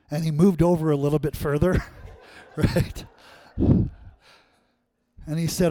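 A man preaching a sermon as pastor, calling out questions to the congregation and swinging between loud, emphatic lines and quiet asides. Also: fairly high pitch, moderate pace, pauses often, no room sound. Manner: call-and-response, asking the congregation questions.

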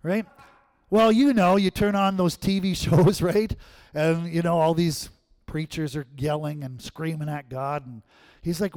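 A male pastor preaching a sermon in church, telling stories and acting out voices, swinging between loud and hushed. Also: on the high side, measured pace. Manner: animated storyteller, acts out quotes, swings from loud to hushed.

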